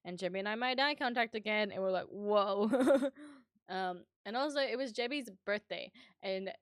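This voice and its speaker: A woman's voice: mid-range voice, brisk, a bit bright, dry recording, clean studio sound. A woman streamer casually telling stories to her chat, rambling with lots of ums and frequent laughter. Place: home streaming setup.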